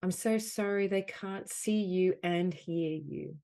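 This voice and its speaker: A woman with a low, warm voice leads a guided healing session over a video call. She speaks in slow, soothing phrases and repeats each one gently. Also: creaky. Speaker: soul mentor leading a group call.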